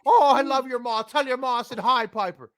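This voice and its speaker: Brief: man putting on a shrill, rowdy pro-wrestler voice, loud and over the top. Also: a little fast. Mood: mocking.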